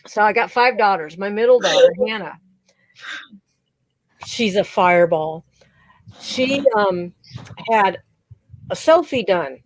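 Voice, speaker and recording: A woman's voice: mid-range voice, animated, takes it slowly, long pauses, no echo, rough recording. A middle-aged woman hosting a livestream, chatting casually and telling bawdy stories with frequent laughter. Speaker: livestream host. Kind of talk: casual joke-telling chat.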